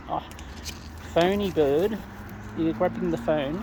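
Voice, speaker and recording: A man talks unhurriedly to a mob of cockatoos, his voice swooping up and down in a lively sing-song as he coaxes them in. It was recorded outdoors, with clear noise and bird sounds behind him. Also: slow, long pauses. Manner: playful coaxing, voice leaps high when calling birds. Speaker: bird-feeding vlogger. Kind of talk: casual talk to birds while filming. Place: outdoors feeding wild cockatoos.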